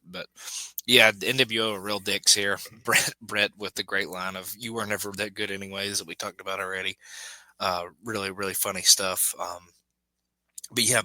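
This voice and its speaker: A man's voice: lowish voice, no room sound, poor audio. A man co-hosting a podcast, chatting casually about a wrestling show with plenty of ums and hedges. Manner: relaxed, hedging, lots of ums. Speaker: podcast co-host. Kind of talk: casual chat.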